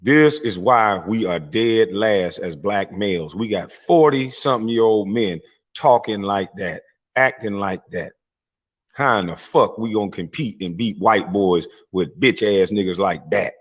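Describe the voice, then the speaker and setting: A man's voice: lowish voice, unhurried. Profane, confrontational man ranting to camera. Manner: profane, confrontational, swings into loud mocking voices. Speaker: live-stream talker. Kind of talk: heated rant to camera.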